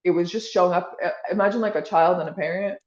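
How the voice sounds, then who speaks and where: A woman's voice: lowish voice, fast talker, roomy sound, muffled recording. A woman being interviewed, talking in a casual, rambling way with lots of "like" and restarts. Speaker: podcast guest.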